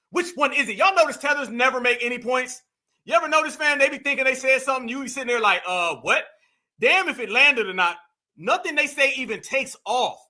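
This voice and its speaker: A man's voice: very high voice, pushed and bright. A man hosting heated reaction commentary, mocking and emphatic, talking straight to his viewers. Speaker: commentary host.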